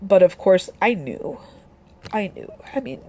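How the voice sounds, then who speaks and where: A young woman talking about her grief in a personal vlog, halting, with many restarts and fillers. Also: mid-range voice, very animated, dark tone. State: grieving, voice dropping soft. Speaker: vlogger.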